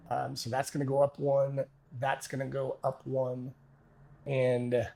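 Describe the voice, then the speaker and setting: A man's voice: mid-range voice, creaky, breathy edge. A man thinking aloud as he plays a solo tabletop game, narrating dice rolls and often stopping to correct himself.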